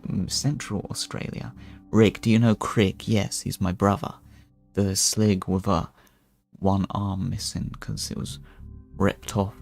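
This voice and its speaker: A man with a low, gravelly voice chats his way through a strategy game as a VTuber persona. He rambles and often restarts his sentences. The delivery is loose and casual. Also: darkish tone. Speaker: VTuber streamer. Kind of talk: casual gameplay commentary in character.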